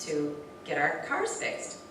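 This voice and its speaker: A woman telling an informal personal story to a spiritual gathering. She is animated, often restarts sentences and uses many fillers. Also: low voice, slow. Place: hall of a spiritual center. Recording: very echoey room from far off with faint noise.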